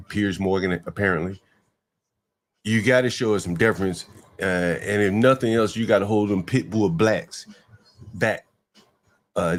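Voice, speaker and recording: A man giving casual reaction commentary on a clip, emphatic and full of rhetorical asides. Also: lowish voice.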